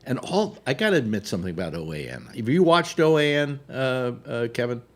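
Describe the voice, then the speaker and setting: A man hosting a casual panel chat on a video call, sarcastic and animated, stumbling over restarts. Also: medium pitch, a little fast. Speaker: host.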